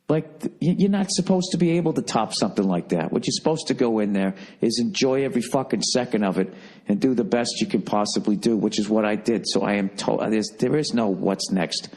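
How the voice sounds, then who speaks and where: A man hosts his podcast alone in a loose, casual monologue. He swears freely and leans hard on his words as he tells a story. His voice sits a little low. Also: fairly quick, darkish tone. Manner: profane, emphatic storytelling. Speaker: podcast host.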